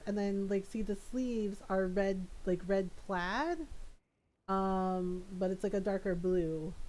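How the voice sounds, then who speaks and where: A woman's voice: mid-range voice, dark tone. A woman streaming a video game, chatting casually and thinking aloud, laughing often. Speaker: gaming streamer. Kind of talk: casual live-stream chat.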